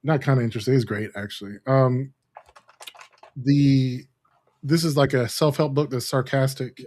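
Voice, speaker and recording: A man's voice: mid-range voice, fairly even intonation, moderate pace, a little mellow. Easygoing man co-hosting a chat show. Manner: easygoing, laughs often, many ums and uhs. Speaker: co-host of a live talk show. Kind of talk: casual chat.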